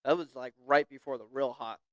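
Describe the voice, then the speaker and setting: A man's voice: mid-range voice, fairly quick, dry recording. Laid-back profane podcast host, a man. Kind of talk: casual interview chat.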